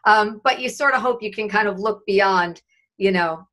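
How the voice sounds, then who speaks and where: A woman's voice: medium pitch, normal speed, fairly bright tone. A woman radio host gushing affectionately in a casual interview over a video call.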